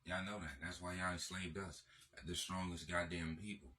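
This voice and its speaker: Male host, very deep and forceful, repetitive profane lecture style. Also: flat delivery, normal speed, a little hiss or hum. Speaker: channel host. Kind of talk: lecturing monologue.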